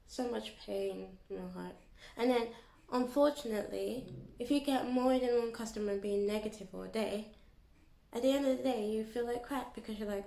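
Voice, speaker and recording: A young woman chatting casually to her vlog audience in an animated, storytelling way. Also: on the high side, gravelly. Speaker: YouTuber. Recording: echoey room.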